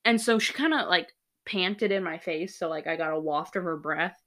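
A woman's voice: on the low side, moderate pace, a bit bright. A young woman co-hosting a podcast, telling stories animatedly in casual chat and swearing freely. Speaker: podcast co-host.

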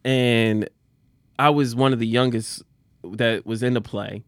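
A man co-hosting a casual chat, animated and quick to laugh loudly. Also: mid-range voice, no echo. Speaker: podcast co-host.

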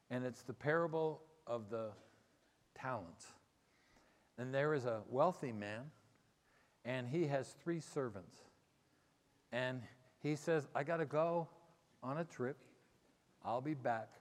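A man preaching a sermon as pastor, retelling a story and acting out its characters' lines. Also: mid-range voice. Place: church auditorium. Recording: reverberant church auditorium.

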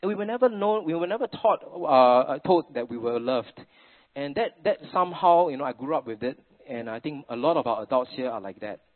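A middle-aged preacher speaking Singaporean-accented English gives an animated, fairly quick sermon at a middle pitch. It's full of chatty family stories and Singlish particles, and the sound comes through thin and tinny, as if over a phone.

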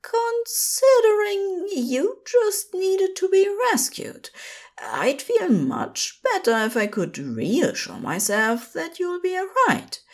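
A woman's voice: very high voice, sing-song, takes it slowly, darkish tone, voice pushed up, full character voice. A woman putting on a prim, flustered man with a lifted voice. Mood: flustered, eager. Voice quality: prim, fussy, babbling. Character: flustered prim fussy man, gentle and polite.

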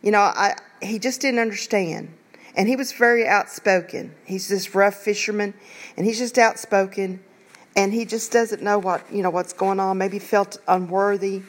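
A woman's voice: mid-range voice, fairly even intonation, moderate pace. A woman preaching an informal Bible devotional, earnest and conversational, with rambling asides as she reads and explains scripture. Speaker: online preacher.

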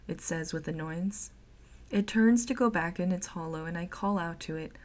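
A woman narrating a first-person horror story in an expressive, dramatic way. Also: fairly low pitch, normal speed.

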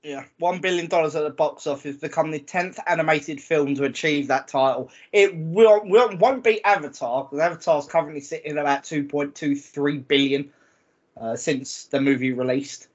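A man co-hosting a gaming podcast, chatty and quick to reel off figures. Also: fairly high pitch. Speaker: podcast co-host. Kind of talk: casual chat. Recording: dull lo-fi audio.

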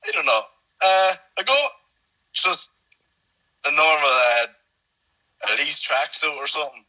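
A man's voice: on the high side, takes it slowly, long pauses, pushed and bright, poor audio. A young Irish man, a quiz contestant, who answers hesitantly and laughs nervously. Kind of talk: casual chat.

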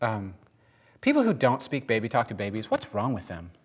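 A man preaching a conversational sermon, animated and joking as he goes. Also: fairly low pitch, normal speed, husky. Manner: animated, laughs and jokes mid-sentence.

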